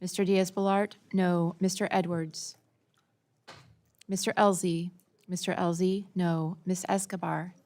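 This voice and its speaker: A woman clerk calling the roll in a flat, methodical way, repeating names and votes. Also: on the low side, unhurried. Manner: flat, methodical name-reading. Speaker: committee clerk. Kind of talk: roll call.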